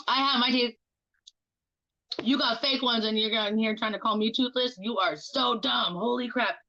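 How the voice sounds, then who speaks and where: A woman's voice: fairly high pitch, measured pace, long pauses, sharp tone, muffled recording. A woman livestreaming in casual chat, talking bluntly with lots of swearing and mocking remarks.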